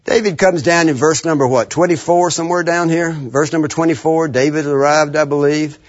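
Man, preacher, sermon, high husky voice, animated call-and-response, muffled lo-fi recording. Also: brisk.

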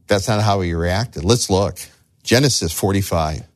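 A man preaching a sermon as a pastor, animated, acting out the voices of the figures in his story. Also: low voice, a little slow. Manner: animated, acts out voices of the figures he tells about.

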